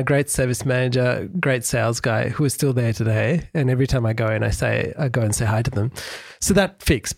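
A middle-aged man co-hosting a podcast, telling a story in animated, casual chat. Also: medium pitch, creaky, no room sound. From Australia. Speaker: podcast co-host.

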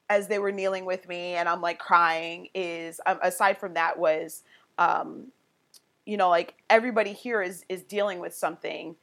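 A woman's voice: mid-range voice, gravelly, a bit bright. Woman on a podcast telling a story, lots of "like" and "you know", candid and open. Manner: conversational, heavy use of "like" and "you know". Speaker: podcast guest, coach. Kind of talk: personal storytelling in a podcast interview.

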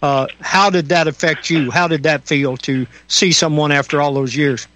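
A Southern man hosting a talk radio show, his voice bright and forward and pitched a little above the usual for a man. He rambles in a folksy way, with plenty of uh's between his thoughts. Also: fairly even intonation, normal speed, low-quality recording. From Southern United States. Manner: folksy, rambling with many fillers. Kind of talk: casual radio chat.

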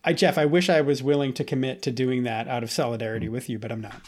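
A man's voice: medium pitch, steady tone, quick pace, a little mellow. A young man hosting a podcast, chatting casually, laughing and reading quotes aloud. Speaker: podcast host. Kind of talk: casual chat.

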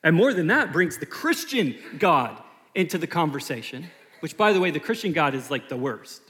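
A man in his thirties preaching a sermon as a pastor, emphatic and animated, often repeating himself. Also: on the high side, normal speed. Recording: long hall reverb.

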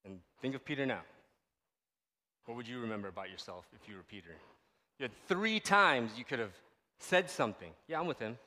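A man's voice: medium pitch, a little fast, long pauses, big-room sound. A man giving a casual, conversational sermon as a pastor, often checking in with the audience. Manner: animated, conversational, asks the audience "right?" often.

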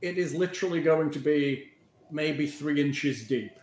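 A man running a tabletop game as game master, in a relaxed and joking way over voice chat. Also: on the high side, unhurried. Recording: echoey room with faint noise.

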